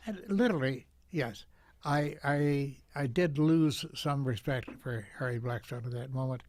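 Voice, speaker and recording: An older man, a guest on a talk show, telling a story in a gentle, reflective way with frequent repeats. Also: mid-range voice, no echo.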